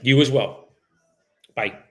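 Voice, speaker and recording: A man's voice: mid-range voice, slow pace, a little hiss or hum. Man, from the US, real estate agent, cold calls, casual, profane, joking. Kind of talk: livestreamed cold calling with running commentary.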